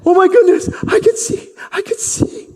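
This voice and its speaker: A pastor voicing an overjoyed young man, just healed of blindness, who shouts his news with breathless joy. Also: fairly high pitch, huge pitch swings, normal speed. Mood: ecstatic. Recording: reverberant church hall.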